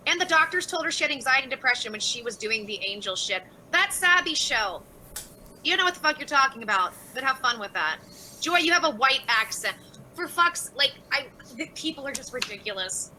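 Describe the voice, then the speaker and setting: A woman chatting on a livestream, answering comments in a blunt, profane, exasperated way. Her voice is sharp and tense, with a very animated rise and fall. She sits high in her range. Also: slight background noise, rough recording. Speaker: livestreamer reading chat. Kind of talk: casual livestream chat.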